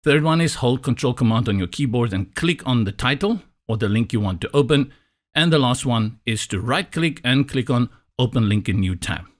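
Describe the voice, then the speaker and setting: A man from South Africa whose first language is Afrikaans, walking through a software tutorial step by step with a dry, slightly sarcastic manner. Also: medium pitch, lively intonation, moderate pace. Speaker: tutorial instructor. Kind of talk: screen-recorded software tutorial.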